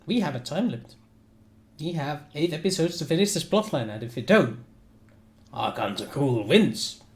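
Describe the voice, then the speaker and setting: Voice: medium pitch, expressive, fairly quick, darkish tone. A tabletop game player in casual out-of-game chat, playful and teasing, laughing often. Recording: echoey room with faint hiss.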